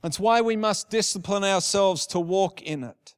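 A man's voice: sits high, moderate pace, smooth. A man preaching a sermon, telling stories and repeating phrases for emphasis. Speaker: pastor.

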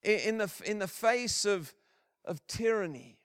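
Minister man preaching, earnest, slow, smooth voice, dry recording. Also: high voice, no room sound. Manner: earnest, animated preaching with repeated restarts. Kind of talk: sermon.

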